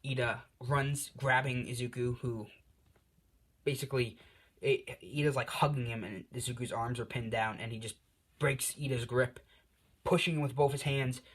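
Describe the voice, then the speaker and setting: A man's voice: medium pitch, steady tone, normal speed, a bit bright, husky. A young man improvising a fan story narration, rambling with many fillers and self-corrections.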